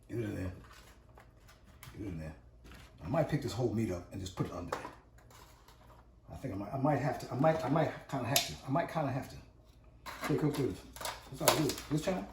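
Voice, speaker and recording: A man talks fast and keeps up an upbeat patter while he cooks outdoors, his voice roomy and a little distant from the camera. Clear background noise sits under everything he says. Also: medium pitch. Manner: upbeat, chatty, repeats catchphrases, talks to viewers as "Cooks"; fast-talking. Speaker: home cook and channel host. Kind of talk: casual cooking vlog. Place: outdoors at a pellet grill.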